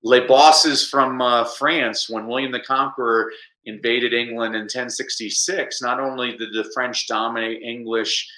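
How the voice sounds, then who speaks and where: A middle-aged man with a bright, forceful voice explains things in a lively conversational way. He sounds like a teacher making his point. The room around him is echoey. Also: measured pace. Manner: animated, explanatory, mimics Spanish with exaggerated pitch. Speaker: educator guest. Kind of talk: conversational interview.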